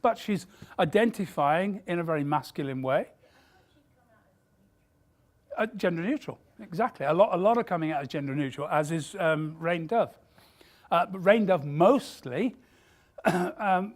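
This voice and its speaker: A woman, giving an emphatic, candid keynote talk to company staff. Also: lively intonation. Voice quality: deep voice. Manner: emphatic and candid, with quick asides. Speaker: keynote speaker.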